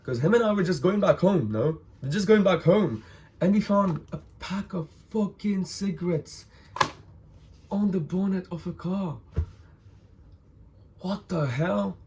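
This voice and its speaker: A man telling a personal story to the camera in a casual, animated way, swearing often and acting out the other people in it. He sounds hungover. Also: high voice, unhurried, slight background noise.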